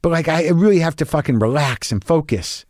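A man's voice: on the high side, lively intonation, brisk, a little mellow, dry recording, studio quality. A middle-aged man hosting a podcast, talking in a profane, anxious, rambling casual monologue. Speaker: podcast host.

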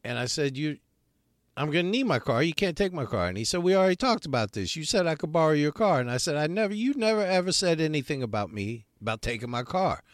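Male podcast co-host, crude joking storyteller, higher register, lively, dry close mic. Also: fast talker, no room sound. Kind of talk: casual chat, storytelling.

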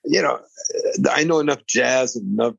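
Guest, 80s man from Canada: rambling and laughing storyteller, husky voice, dry sound. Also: mid-range voice, normal speed, no room sound, highs cut off. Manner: rambling, laughing, with many restarts. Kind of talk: casual storytelling interview.

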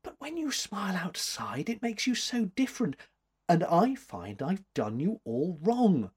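A man lifts his voice to play an anxious young woman in an old-fashioned storybook, her lines raised high and pleading. The tone stays husky, and the speech is slow and swings widely in pitch. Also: very animated, darkish tone, exaggerated voice. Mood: fretful. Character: frightened, tender young woman. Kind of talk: audiobook character reading.

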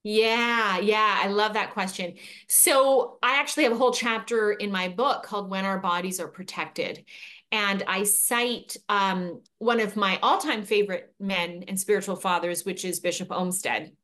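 Canadian-born woman guest, fluent and articulate, mid-pitched voice. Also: measured pace, a bit bright. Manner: articulate, fluent storytelling with light laughs. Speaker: guest, pro-life speaker and author. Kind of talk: conversational interview answers.

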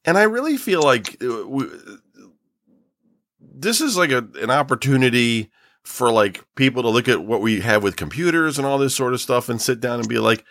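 A man's voice: medium pitch, moderate pace, no echo, clean studio sound. A middle-aged man co-hosting a podcast, ranting in casual chat with lots of fillers. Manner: ranting, animated, filler-heavy. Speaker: podcast co-host.

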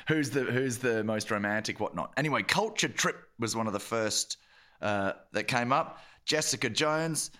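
A man's voice: mid-range voice, pushed and bright. A man co-hosting a comedy podcast, cracking jokes and riffing in casual banter. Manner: jokey, riffing, quick asides. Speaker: podcast co-host.

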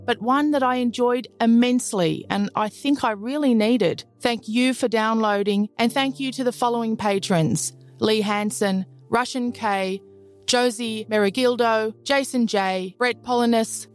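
Woman hosting, faint music behind. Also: fairly high pitch. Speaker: podcast host. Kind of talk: scripted podcast outro.

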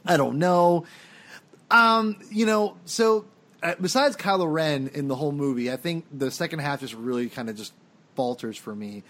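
A man co-hosts a casual film podcast from home, rambling, opinionated, and often restarting his sentences, while a dog can be heard drinking behind him. His voice sits on the high side, fairly bright, at a normal speed.

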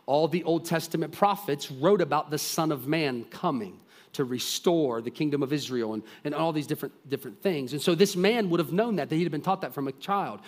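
A man preaching a sermon, retelling a story with lively acted-out voices and dropping to quiet, earnest intensity. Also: fairly high pitch. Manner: animated storytelling, acting out voices of characters; drops to soft, quiet intensity.

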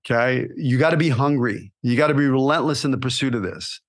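A man hosting a podcast as an acting coach, giving motivational advice in a lively, coaching way, often tagging on "right?" and "you know". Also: mid-range voice, fairly quick.

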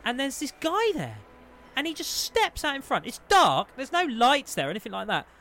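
A man, co-hosting a podcast and telling an anecdote with lively, excitable energy. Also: very high-pitched, normal speed. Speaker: podcast co-host. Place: podcast studio.

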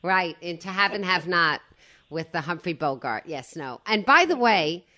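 Husky-voiced woman radio host. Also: expressive, moderate pace, pushed and bright. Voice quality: husky, low throaty voice. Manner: chatty, digresses with asides. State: hoarse from a slight cold. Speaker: radio talk show host. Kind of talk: casual radio chat.

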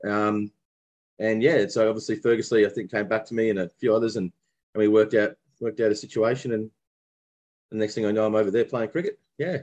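A former cricketer from Brisbane, speaking with an Australian accent, looks back on his cricket days as a guest in a casual interview. He rambles and restarts often, his voice lowish and darkish in tone.

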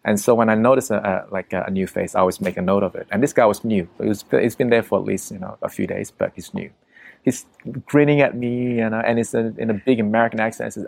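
Guy with a low gravelly voice telling a wild story, swears a lot, dry close sound. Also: quick pace, darkish tone, no room sound. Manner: vivid, profane, acts out quotes. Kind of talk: casual conversational storytelling.

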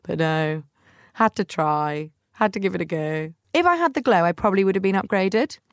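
A woman with a low, gravelly voice tells chatty, animated stories as a podcast host. The sound is close and dry. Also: moderate pace, dry recording. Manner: chatty, animated anecdotes with acted-out quotes. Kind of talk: casual storytelling monologue.

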